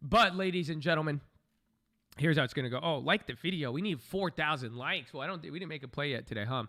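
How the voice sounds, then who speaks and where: A man's voice: on the high side, fast talker, bright, forceful tone. Joking man streaming live trades. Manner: loose, joking and profane, thinking aloud. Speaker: live stock-trading streamer.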